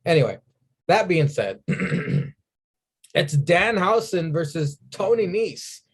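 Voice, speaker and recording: A man recapping wrestling on a casual podcast. He talks slowly and fills gaps with "uh". His voice sits a little higher than most men's. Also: lively intonation, vocal fry, husky. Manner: unhurried, filler-heavy recap with dry asides. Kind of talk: casual chat.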